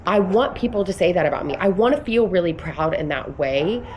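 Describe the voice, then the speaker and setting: Woman in her thirties, casual vlog coach, earnest and rambling, slightly low pitch, faint room hiss behind. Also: animated, a little fast, darkish tone. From United States. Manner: earnest, emphatic, rambling with restarts. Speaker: vlogger and business coach. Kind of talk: casual motivational vlog talk.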